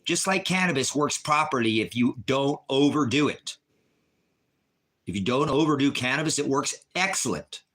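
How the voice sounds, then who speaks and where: Bright-voiced man ranting on a livestream. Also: mid-range voice, expressive, normal speed. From Oregon, USA. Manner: emphatic, repetitive, argumentative. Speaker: livestream host. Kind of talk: casual livestream rant.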